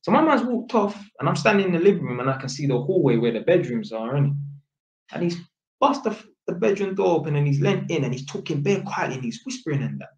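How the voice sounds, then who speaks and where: In a slightly high voice with big pitch swings and a darkish tone, a young man from London talks quickly through a casual work story for his vlog. He's heavy on street slang and tag questions, and the audio is roomy and slightly dull.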